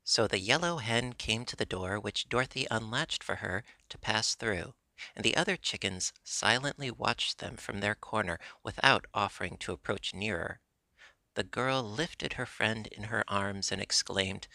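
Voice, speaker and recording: A man reading a children's storybook as steady, even narration. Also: lowish voice, normal speed, gravelly, dry recording. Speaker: audiobook reader. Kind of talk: scripted narration.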